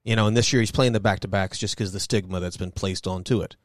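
A man's voice: fairly low pitch, fairly even intonation, fast talker, no room sound. Casual man in dry sports banter. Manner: conversational, restarts often, swears casually. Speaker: podcast co-host.

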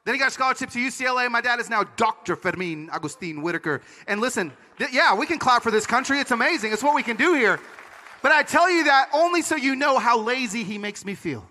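A man giving a conference talk, telling stories in an animated, comic way. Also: very high-pitched, a little fast. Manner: animated, comic, acts out voices. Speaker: conference speaker. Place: conference stage. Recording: large hall reverb.

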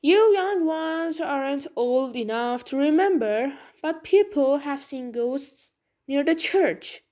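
A woman's voice: sits high, animated, slow pace, mellow. A woman voicing an older male villager, knowing and insistent.

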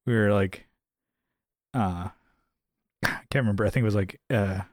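Speaking at a moderate pace in a clean studio recording without echo, a podcast co-host chats about a TV episode. He laughs and curses frequently and switches to high-pitched voices whenever he's quoting someone.

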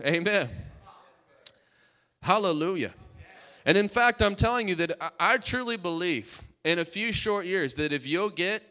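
A man's voice: high-pitched, a bit bright. Fervent preacher man with a raised voice. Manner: fervent, emphatic preaching with repeated calls to the congregation. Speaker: pastor. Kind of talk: sermon. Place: church.

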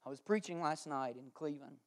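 Pastor, male, higher voice, sermon delivery, shifts between bold proclamation and hushed storytelling. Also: fast talker. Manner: emphatic preaching, moving between loud declarations and quiet storytelling. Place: church.

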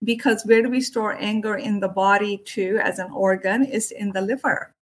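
A woman's voice: medium pitch, moderate pace. A woman who is an Ayurvedic doctor and yoga teacher, chatting casually about emotions and acting out quoted voices. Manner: animated, acts out quoted voices. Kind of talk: casual spiritual conversation.

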